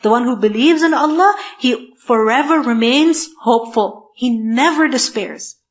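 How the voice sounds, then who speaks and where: A woman giving a scripture lecture, emphatic, asking herself rhetorical questions and reciting Arabic verses quickly. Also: fairly high pitch, dull audio. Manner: emphatic, asks rhetorical questions then answers them. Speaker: Quran teacher. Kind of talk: tafsir lecture.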